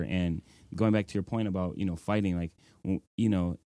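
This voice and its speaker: Earnest young man, low dry voice. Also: steady tone, a little fast, few pauses, dark tone, no room sound. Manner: earnest, heavy use of "like" and "you know". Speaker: nonprofit executive director, guest. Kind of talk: reflective interview storytelling.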